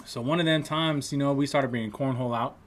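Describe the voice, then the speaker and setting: Male storyteller, mid pitch, casual and profane, animated delivery that plays out other people's lines. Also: fast talker. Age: adult trade-school student.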